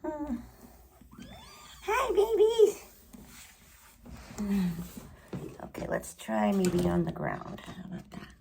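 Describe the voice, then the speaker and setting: A woman filming her kittens at home, talking to them in soft, soothing baby talk. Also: medium pitch, expressive, unhurried, creaky, background noise. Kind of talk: casual home video, talking to pets.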